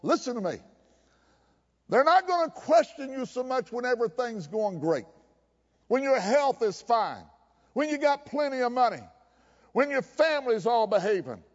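A man's voice: extremely high pitch, very animated, normal speed, long pauses, big-room sound, lo-fi sound. A man preaching a sermon in a chapel service, emphatic and folksy, with jokes.

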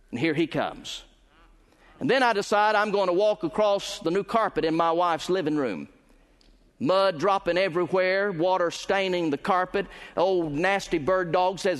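Male pastor, emphatic pulpit delivery that climbs at climaxes and lingers on key words; high pitch, ringing hall. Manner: emphatic preaching, swelling louder and higher at climaxes, slowing on key words. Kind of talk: sermon. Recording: long reverb of a large hall.

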